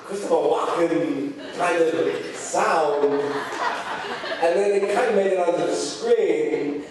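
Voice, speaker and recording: A man's voice: a little high, slow pace, background noise. A man, an actor answering festival Q&A questions in a joking, self-deprecating way. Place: festival screening venue, audience. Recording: roomy hall audio from far off.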